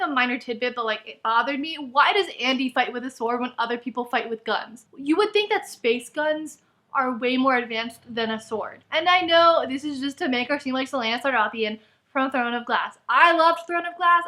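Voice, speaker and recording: A woman's voice: high-pitched, pushed and bright. A woman ranting in a book review vlog, exasperated and full of "like.". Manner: exasperated, heavy use of "like".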